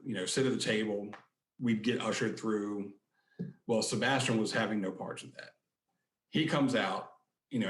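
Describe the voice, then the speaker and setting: A man's voice: fairly low pitch, a bit bright, roomy sound. A man, a podcast guest, casually telling rambling anecdotes and acting out the quotes. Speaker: podcast guest, book collector. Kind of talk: casual storytelling.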